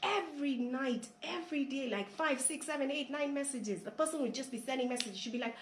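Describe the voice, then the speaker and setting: A woman's voice: high voice, a little fast, hardly any pauses. A woman earnestly telling her own story in an interview, often repeating words. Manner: earnest, repeats herself, rising with emotion. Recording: roomy echo, faint background hiss.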